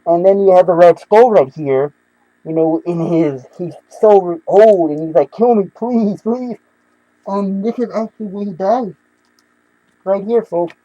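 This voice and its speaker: A young man casually reviewing comic books, excitable and rambling with many restarts. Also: high voice, unhurried, no room sound, highs cut off.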